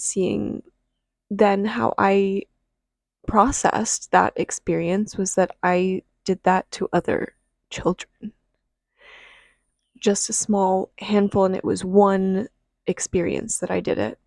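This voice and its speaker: Woman with a gravelly, halting voice. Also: mid-range voice, darkish tone, no room sound, studio quality. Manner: halting, with sighs and restarts; earnest and confessional. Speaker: podcast host. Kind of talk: personal testimony.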